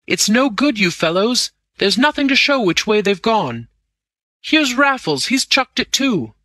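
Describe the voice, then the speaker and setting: A man voicing an excitable young gentleman cricketer, breathless and urgent. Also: high-pitched, measured pace, no room sound, studio quality, pitched above the performer's own voice, heavily acted.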